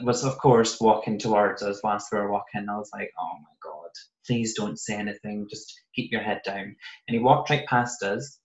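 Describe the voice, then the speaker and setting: Soft-spoken British man, low and flat. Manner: soft-spoken, recounting with quoted asides. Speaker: podcaster telling his own story. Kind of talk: personal storytelling in casual chat. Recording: roomy, slightly muffled podcast audio.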